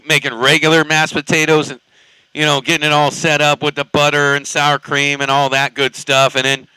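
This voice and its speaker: A man's voice: fairly high pitch, sharp tone, clean tone, dry recording, low-quality recording. A man from California chatting casually on a CB radio, rambling and cussing in a laid-back way. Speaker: CB radio operator.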